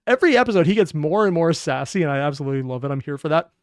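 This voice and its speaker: Chatty reaction host, very animated pitch, dry close sound. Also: very fast, few pauses, no echo. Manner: chatty, amused, rambling. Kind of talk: casual reaction commentary.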